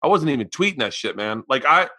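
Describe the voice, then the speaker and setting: Casting: brash middle-aged male podcast host, bright and forceful, swears freely and plays out every character in his stories. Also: mid-range voice, big pitch swings, fast talker. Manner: loud, profane storyteller acting out voices. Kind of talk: casual chat.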